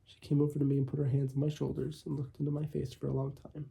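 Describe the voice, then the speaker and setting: Husky, gravelly male storyteller. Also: on the high side, monotone, warm tone. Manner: measured, with small slips and coughs. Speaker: audiobook reader. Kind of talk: first-person story reading.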